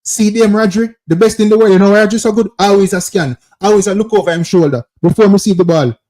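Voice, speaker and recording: A fast-talking man with a high, darkish voice and a Jamaican accent hosts a football call-in show. Insistent and repetitive, he dissects plays over the footage while constantly calling out to viewers as people.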